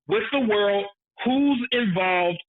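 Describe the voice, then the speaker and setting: A man's voice: sits high, expressive, slow pace. A man co-hosting a casual movie review podcast, emphatic and swearing freely, repeating his points for effect. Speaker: podcast co-host. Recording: narrow phone-like sound.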